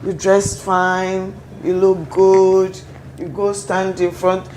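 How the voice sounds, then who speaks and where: A woman on a webinar panel, thoughtfully giving advice in parables and laughing softly. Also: mid-range voice, completely flat delivery, slow, a little hiss or hum, low-quality recording. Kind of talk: casual panel discussion.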